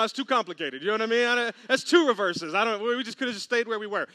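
A man's voice: very high-pitched, fast talker, hardly any pauses, dry recording, clean studio sound. A man preaching a sermon with humor and acted-out voices. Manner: animated, humorous, acts out quoted voices. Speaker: pastor.

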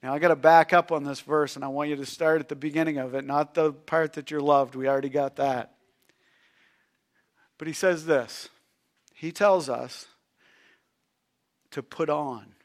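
A pastor preaching a sermon, swinging between loud emphatic lines and hushed near-whispers. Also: male voice, fairly high pitch, fairly even intonation, moderate pace, pauses often.

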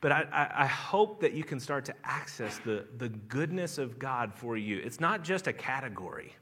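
A pastor preaching a sermon in an earnest, conversational way with a regional Southern American accent, restarting phrases and swelling into emphatic lines. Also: male voice, mid-range voice, big pitch swings, moderate pace, fairly bright tone, husky. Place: church sanctuary.

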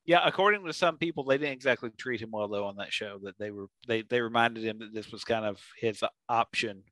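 A man co-hosting a podcast, chatting in a relaxed way and recounting anecdotes. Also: lowish voice, fairly quick, dry recording. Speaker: podcast co-host. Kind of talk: casual chat.

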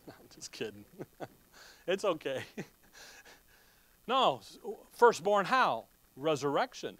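High-voiced man teaching a sermon. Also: very animated, slow pace, long pauses, fairly bright tone. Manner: asks the congregation questions and answers them himself. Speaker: pastor.

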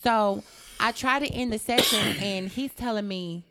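A woman's voice: mid-range voice, measured pace. A young adult woman telling a personal story in a casual interview, acting out the dialogue and swearing freely. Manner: animated, acts out quoted dialogue, swears freely.

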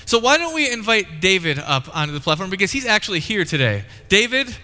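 A high, very bright male voice carries through a long, ringing hall reverb. He is a pastor preaching and tells the story in a playful way, often slipping into quick acted-out lines. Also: sing-song. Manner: storytelling, acts out quotes playfully. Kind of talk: sermon with live demonstration.

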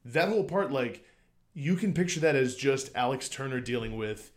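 A man co-hosting a music podcast in casual chat, excited and rambling, stumbling over his words and swearing casually. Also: mid-range voice, moderate pace. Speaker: podcast co-host.

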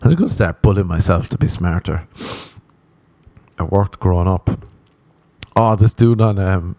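A man's voice: deep voice, normal speed, darkish tone, no room sound. A man hosting a casual solo podcast, rambling, swearing and mocking himself, often laughing. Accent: non-American. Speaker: podcast host.

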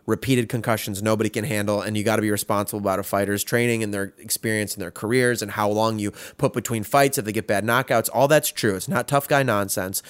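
A man's voice: fairly low pitch, dry recording. A man co-hosting a podcast, chatting casually and earnestly, swearing freely as he explains his views.

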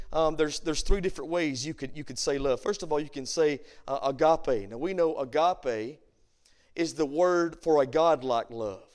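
High-voiced preaching pastor. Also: male voice. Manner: preaching with sudden swings from hushed to loud; reads King James scripture aloud. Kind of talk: sermon. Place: church sanctuary.

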